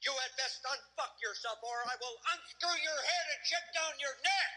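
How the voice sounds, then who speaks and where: A man's voice: very high-pitched, normal speed, sharp tone, exaggerated voice. An actor playing a brutal, foul-mouthed male drill instructor who barks insults at recruits. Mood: barking abuse. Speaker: drill instructor in a film clip. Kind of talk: film dialogue.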